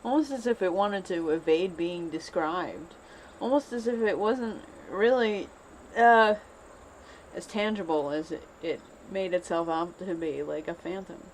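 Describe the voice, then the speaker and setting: A woman's voice: on the low side, measured pace, a little hiss or hum. Anxious rambling woman talking to herself. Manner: anxious, rambling, repeats phrases over and over. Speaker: vlogger. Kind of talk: unscripted self-filmed monologue. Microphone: self-filmed camera.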